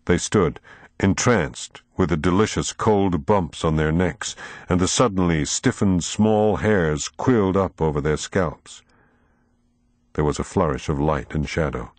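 Slow, dramatic male audiobook narrator. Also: low-pitched, no echo. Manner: dramatic, measured storytelling.

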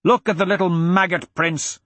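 A man's voice: high-pitched, steady tone, moderate pace, a bit bright, no echo, pitched above the performer's own voice. A man voicing a bellowing, raging villain archduke. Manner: bellowing, furious and contemptuous. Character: raging, hateful middle-aged archduke villain.

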